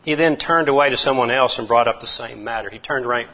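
A man preaching a folksy, animated sermon, chuckling as he goes. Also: medium pitch, fast. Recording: muffled lo-fi recording.

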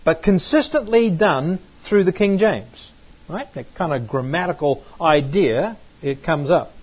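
A man's voice: fairly high pitch, animated, unhurried, a little mellow, slightly rough. A man giving a Bible lesson, stressing words and checking in with "right?" and "okay?" as he goes. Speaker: Bible teacher. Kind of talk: classroom-style lecture with slides. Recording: muffled lo-fi recording.

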